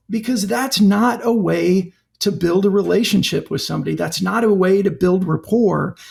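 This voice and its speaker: Podcast guest, man, high and raspy-gravelly; animated anecdotal storyteller. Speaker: podcast guest, company founder. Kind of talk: conversational storytelling.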